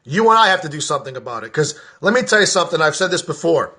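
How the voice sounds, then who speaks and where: A man delivering a furious political rant to camera, with a high, forceful voice that keeps breaking into shouts. His talk is blunt and profane, and he hammers his points as a podcaster addressing his own audience. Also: sing-song, fast talker.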